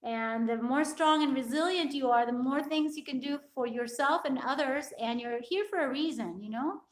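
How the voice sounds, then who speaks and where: A high-pitched woman hosts a casual live stream as a fitness coach. She talks in a chatty, effusive way and keeps thanking the people watching. Her voice bounces around an echoey room. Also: moderate pace. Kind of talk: live-stream chat with viewers.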